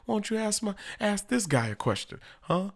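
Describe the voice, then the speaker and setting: Man putting on a high-pitched, dismissive blustering president, indignant, gravelly edge. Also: sing-song, moderate pace, exaggerated voice. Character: blustering male president brushing off critics.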